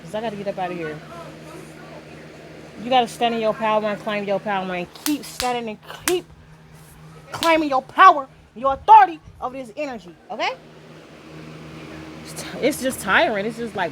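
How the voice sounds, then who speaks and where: A woman's voice: on the high side, expressive, fairly quick, pauses often, background noise. A woman giving a casual spiritual tarot reading, talking straight to the viewer in an emphatic, slangy and profane way. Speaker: tarot reader.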